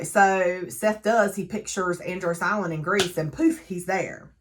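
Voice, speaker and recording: A woman recapping and reviewing a novel in a chatty, animated way, laughing often and using lots of fillers. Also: medium pitch, a little slow, few pauses. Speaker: book reviewer. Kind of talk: casual book recap.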